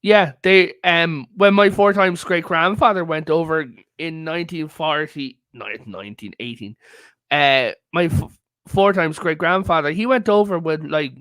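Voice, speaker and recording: A man from Ireland talks as a guest on a video call, spinning history anecdotes in a loose, chatty way and checking in with "right?" as he goes. His voice sits fairly high for a man. The sound is close and dry with no room around it. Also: unhurried, fairly bright tone, smooth, no room sound. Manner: storytelling, peppered with "like" and "right?". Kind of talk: casual conversational history chat.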